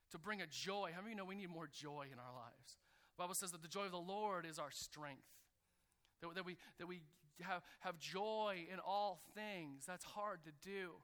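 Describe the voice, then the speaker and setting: A man preaching a sermon to a church congregation, calling out for responses and building to loud, energetic peaks. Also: high voice, clear, resonant tone. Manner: energetic preaching that swells to near shouting. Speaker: pastor. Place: church sanctuary.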